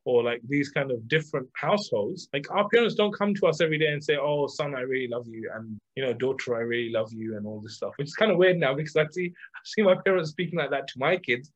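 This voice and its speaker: A middle-aged man, a coach, talking casually about self-love with lots of fillers and lively examples. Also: a little high, fast talker, few pauses, breathy edge. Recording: dull lo-fi sound.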